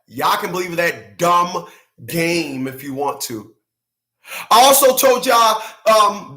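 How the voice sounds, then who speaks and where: A man hosting his own channel, ranting to viewers in loud, slangy, profane commentary and laughing often. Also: sits high, echoey room. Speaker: channel host.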